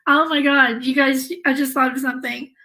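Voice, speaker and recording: A woman's voice: high voice, steady tone, moderate pace, bright, forceful tone, poor audio. A woman hosting a live true-crime stream, reading a legal document aloud and breaking off for wry asides to her viewers.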